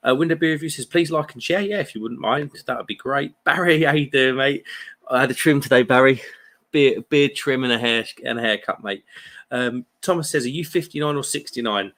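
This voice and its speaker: A British man in his thirties hosts a beer livestream, chatting casually and reading viewer comments in a jokey, friendly way. His mid-range voice is fairly bright, and he speaks briskly.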